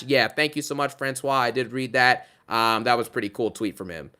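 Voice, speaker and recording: A man's voice: on the high side, brisk, few pauses, sharp tone, clean tone. A man hosting a casual live stream, reading out donations and chatting through them with rambling asides. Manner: chatty, thanks each donor, rambling asides.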